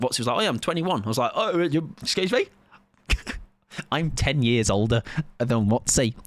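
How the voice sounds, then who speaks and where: A man's voice: fairly low pitch, slight background noise. A British man in his thirties, a game streamer chatting casually and joking with his lobby while he plays. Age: 30s. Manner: chatty, joking, rambling with fillers. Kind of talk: casual chat while gaming.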